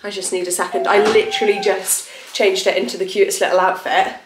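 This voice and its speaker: A woman's voice: medium pitch, level tone, a little fast, few pauses. A young woman vlogging casually at home, a mother who chats away and fills her talk with "like" and "literally". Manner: chatty, says "like" and "literally" constantly. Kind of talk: casual home vlog chat. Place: home interior. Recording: echoey room with faint noise.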